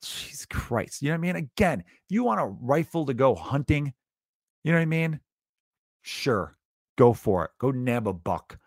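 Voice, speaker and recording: A man's voice: mid-range voice, big pitch swings, moderate pace, no echo, clean studio sound. A male comedian hosting a podcast, ranting in a profane, sarcastic, exasperated monologue.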